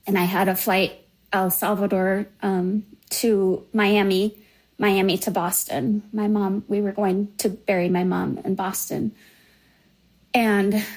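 A middle-aged woman slowly recounting a personal memory, halting and emotional. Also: medium pitch, darkish tone, poor audio. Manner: slow, halting, emotional recollection. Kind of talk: personal storytelling.

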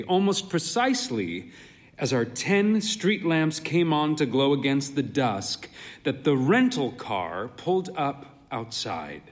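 A man narrating a story as a weary, wry pub keeper. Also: mid-range voice. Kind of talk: storytelling reading. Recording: long hall reverb.

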